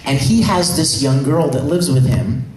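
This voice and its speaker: A man at a convention panel, excitedly and emotionally retelling a story with many restarts. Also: medium pitch, normal speed, recorded from a distance, crowd noise. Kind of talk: enthusiastic storytelling. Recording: echoey hall, faint noise.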